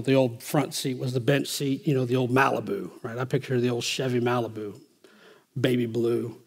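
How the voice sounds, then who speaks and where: A male pastor preaching a sermon, emphatic and swinging from quiet asides to loud, driving lines. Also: mid-range voice, slightly rough.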